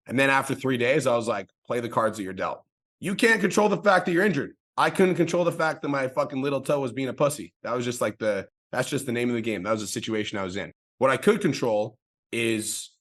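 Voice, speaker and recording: Man, business coach, rapid-fire, swearing, hyped, mid-pitched. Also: fairly bright tone. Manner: fast, profane, hyped, emphatic. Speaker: business coach hosting a group call. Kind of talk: motivational coaching call.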